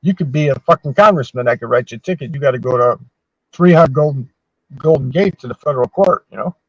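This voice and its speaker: A podcast host in his sixties tells long, rambling anecdotes full of swearing in a casual chat. He's a fast talker with a mid-range voice, and the recording sounds dull and dry, with no echo.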